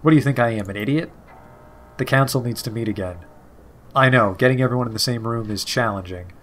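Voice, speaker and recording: A man's voice: mid-range voice, fast, a bit bright, a little hiss or hum, close to an everyday voice. A man voicing a nasal, heavy-smoking woman with a businesslike manner.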